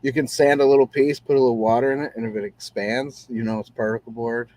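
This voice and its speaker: A man's voice: medium pitch, steady tone, fast, mellow, no room sound. A man hosting a casual show-review podcast, talking in an easygoing, rambling way with many fillers. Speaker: podcast host.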